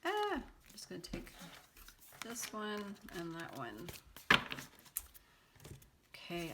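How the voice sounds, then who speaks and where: A woman with a lowish voice and huge pitch swings reads tarot casually for her viewers, speaking slowly with long pauses over background noise. She's chatty and sarcastic, laughs easily, and fills her loose speech with fillers.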